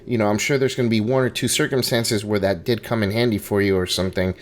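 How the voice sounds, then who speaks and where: A man's voice: fairly low pitch, steady tone, quick pace, a little hiss or hum. A man casually talking through a tabletop game guide, conversational with frequent restarts and asides. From Hispanic background. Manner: conversational, restarts and hedging asides, laughs at himself.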